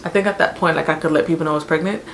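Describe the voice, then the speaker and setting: Give me a young woman chatting animatedly to camera, with a low, gravelly voice. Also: very fast, a little hiss or hum. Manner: chatty, animated, filler-heavy with lots of "like". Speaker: vlogger telling her birth story. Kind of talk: casual storytelling.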